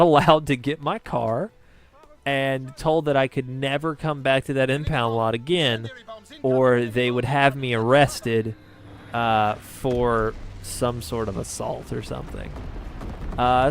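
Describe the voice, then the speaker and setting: A young man casually telling a story from his own life, swearing often and mocking himself. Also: medium pitch. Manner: profane, self-mocking, animated retelling. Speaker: vlogger.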